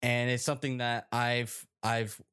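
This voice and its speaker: A man hosting a casual group chat show, talking in an animated, rambling way with many fillers and tag questions. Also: medium pitch, measured pace, clear, resonant tone. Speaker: podcast host.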